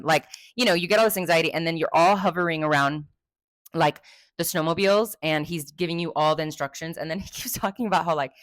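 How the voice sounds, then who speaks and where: A woman's voice: low voice, quick pace, no echo, clean studio sound. A young woman from Texas, hosting a podcast and telling a story casually, chatty and swearing freely with many fillers. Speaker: podcast host.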